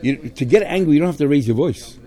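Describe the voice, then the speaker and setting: A man's voice: fairly high pitch, expressive, quick pace, mellow. A man teaching a Talmud lesson, explaining step by step and weaving Aramaic and Hebrew terms into his English. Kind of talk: Talmud study lecture.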